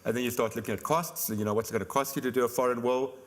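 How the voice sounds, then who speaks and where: Man, middle-aged, insurance expert; rapid, brisk explainer at a conference interview. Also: mid-range voice, steady tone. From South Africa. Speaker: insurance company expert guest.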